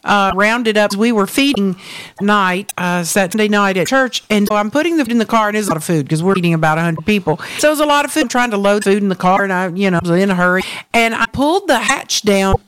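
Woman telling a lively faith story. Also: medium pitch, fast, clear, resonant tone, no echo. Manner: animated testimony, lively storytelling. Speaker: co-host. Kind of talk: faith talk chat, storytelling.

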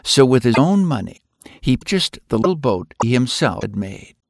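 A man's voice: medium pitch, normal speed, creaky, dry recording, clean studio sound. A man reading a Christian story aloud expressively, acting out the characters and ending with a moral. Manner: expressive, acts out voices.

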